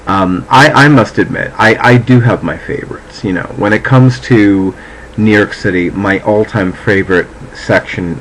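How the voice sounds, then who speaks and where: Chatty lower-voiced man, home vlog, meandering, faint background hiss. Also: a bit bright, poor audio. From New Jersey. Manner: chatty, meandering, swears freely. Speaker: vlogger, psychic. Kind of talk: casual rambling chat to camera. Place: at home, indoors.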